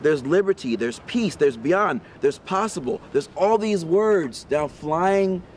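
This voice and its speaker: A man reads a picture book aloud to children, taking his time over each word and stopping to ask them questions. He sits outdoors in a park on a windy day, with faint street noise and passing cars behind him. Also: a little high. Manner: slow, lively read-aloud with questions to young listeners. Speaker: storybook reader for children. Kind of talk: read-aloud storytelling.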